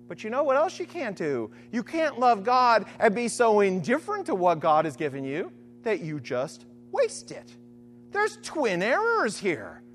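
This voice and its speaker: Brief: lively, animated preacher, bouncing pitch, quiet hum behind, keeps tagging "right?". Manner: acts out imagined voices. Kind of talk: sermon-style Bible teaching.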